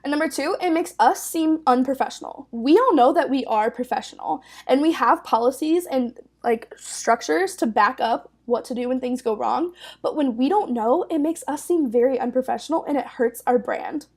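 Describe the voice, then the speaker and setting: Upbeat high-voiced young woman presenting. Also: moderate pace, few pauses, darkish tone, slightly rough. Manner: upbeat, casual, with filler words and frequent laughs. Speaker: network manager presenting a training webinar. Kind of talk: training webinar presentation.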